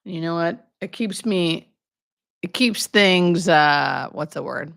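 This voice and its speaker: A hospice nurse in her thirties hosts a casual live Q&A, greeting viewers by name and tossing in chatty, self-deprecating asides. Her voice is lowish, slow, gravelly and fairly bright.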